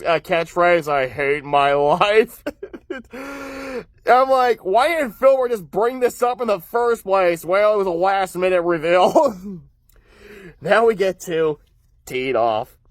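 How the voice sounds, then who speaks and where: Laughing softly between points, a man with a light, high voice sums up a cartoon episode in a loose, easygoing ramble. He sounds upbeat, chuckles often, and keeps slipping in "uh" and starting over. The sound is dry and close-miked, with no echo from the room.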